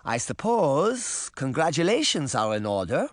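Man voicing a gentle old granny, genteel, a bit higher, storybook. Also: very animated, a little slow, no echo, clean studio sound. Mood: wry. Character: kindly fussing old grandmother.

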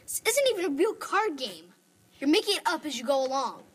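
A woman's voice: high-pitched, very animated, a little fast, slight background noise. An actress playing a moody young teenage girl who talks back with sarcasm. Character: moody young teen girl, junior high.

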